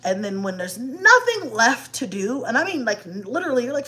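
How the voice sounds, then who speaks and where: Woman, casual live chat, raised pitch, animated, slangy, profane, frequent laughter. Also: moderate pace. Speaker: mom vlogger chatting with live viewers.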